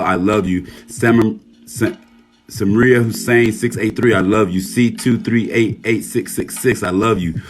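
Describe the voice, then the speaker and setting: A hoarse man hosting a casual livestream, reading out viewer names and speaking earnestly, with frequent swearing. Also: fairly low pitch. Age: adult, a military veteran. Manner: warm shout-outs reading viewer names. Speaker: livestream host.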